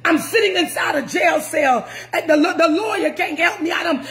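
High-voiced woman preaching emphatically. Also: moderate pace. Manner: emphatic, repetitive, often shouting. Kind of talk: sermon.

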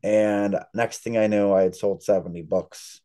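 A man's voice: on the low side, fairly even intonation, measured pace, dark tone. A man being interviewed as an author, telling long, rambling stories in a casual chat. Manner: chatty, rambling storyteller. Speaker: author guest.

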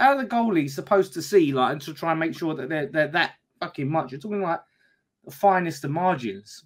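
A man reacting loudly to a football match on a fan watch-along, excitable and swearing. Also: a little high, fairly quick. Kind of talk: live watch-along commentary.

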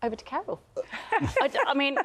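A woman's voice: sits high, very animated, moderate pace, a bit bright. A woman presenting live breakfast television, bantering with her co-presenter in a bubbly, giggly way.

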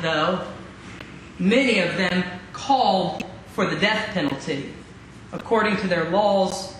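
A man preaching a sermon as pastor, dramatic, with rhetorical questions and drawn-out emphasis. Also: high voice, fairly bright tone. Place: church sanctuary. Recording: very echoey hall, faint noise.

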